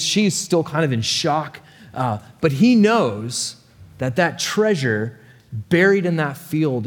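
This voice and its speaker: A man preaching a sermon, telling a story in an animated, conversational way. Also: on the high side, in a large hall. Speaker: pastor.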